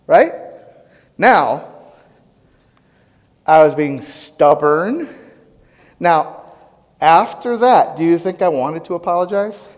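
A male pastor preaching, telling a lively personal story and firing questions at the congregation. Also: on the high side, measured pace, in a large hall. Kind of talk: sermon.

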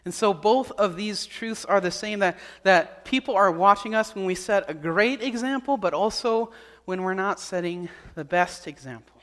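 A man's voice: high-pitched, moderate pace, fairly bright tone. A man preaching a sermon as pastor, earnest and repeating his key points. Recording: long hall reverb.

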